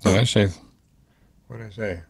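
Low-voiced man with dry teasing humor. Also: steady tone, normal speed, creaky, a little mellow, breathy edge. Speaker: co-host, the dad. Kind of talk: casual let's-play banter.

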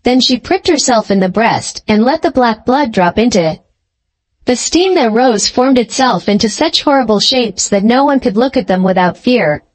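Woman storyteller with a fairly high voice, steady clear fairy-tale narration. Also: normal speed. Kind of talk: scripted storybook narration for English learners.

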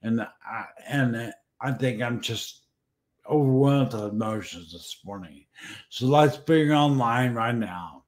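A man hosts a casual livestream show, his voice emotional and a little shaky. He speaks slowly and often stops to restart his words. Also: mid-range voice. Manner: emotional, halting, repeats words. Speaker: show host.

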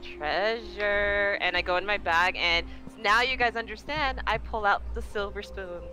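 A woman playing a tabletop game in a playful, animated way. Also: mid-range voice, a little slow, soft background music. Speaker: player.

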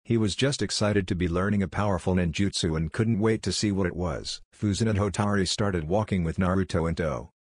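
A man narrating a fan fiction story in a steady, even read. His voice is deep and low, and the recording is dry and close with no room sound. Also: brisk, hardly any pauses, dry recording. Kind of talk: reading fan fiction aloud.

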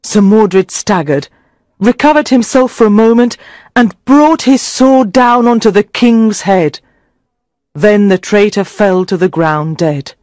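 A man with a fairly high voice narrates a simple story for English learners. His reading is clear and dramatic. The sound is close and dry. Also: lively intonation, slow, darkish tone, dry recording.

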